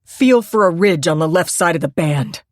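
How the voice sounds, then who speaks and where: A woman narrator voicing a desperate father who shouts in frantic bursts. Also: lowish voice, lively intonation, moderate pace, no echo, clean studio sound, lightly acted.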